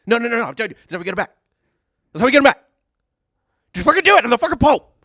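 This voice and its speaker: A man playing a brash, coked-up pope who schemes and shouts pushy orders. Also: very high-pitched, sing-song, racing, vocal fry, no echo, studio quality, pitched above the performer's own voice, full character voice. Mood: shouting, pushy. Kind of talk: comedic bit in podcast chat.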